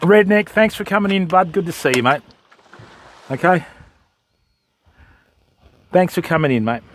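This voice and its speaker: Older Aussie bloke, high-pitched, easygoing live host, outdoors. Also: male voice, lively intonation, unhurried, noisy background. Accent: Australian. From Australia. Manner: chatty, greets viewers by name, calls them mate and bud. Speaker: fishing livestream host. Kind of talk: casual live commentary. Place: outdoors on a beach.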